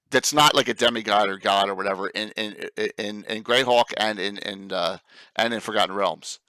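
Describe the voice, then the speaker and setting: A man with a South Jersey accent hosting a casual talk show, chatty and quick to laugh, with lots of fillers and restarts. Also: on the low side, bright, forceful tone, clean tone, no echo. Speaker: podcast host. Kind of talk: casual chat.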